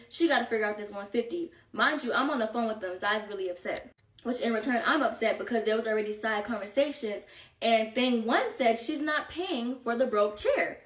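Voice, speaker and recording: Woman with aave spilling vacation tea, kinda high voice, sounds a bit far from the mic. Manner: animated, slangy, quoting friends in bursts. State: out of breath. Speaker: vlogger telling a story. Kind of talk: casual storytime. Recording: echoey room, voice set back from mic.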